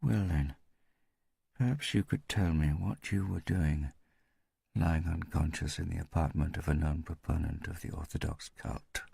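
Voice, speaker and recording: A cold secret-police interrogator speaks quietly and slowly, with a bored, disinterested air, as a man voices him in an audiobook. His voice sits very low and sounds close and dry. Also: creaky, breathy edge, no echo, exaggerated voice. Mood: coldly bored.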